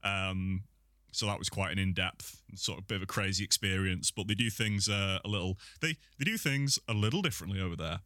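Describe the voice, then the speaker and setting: Deep, bright-voiced man chatting. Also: a little fast, dry recording, studio quality. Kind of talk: casual chat.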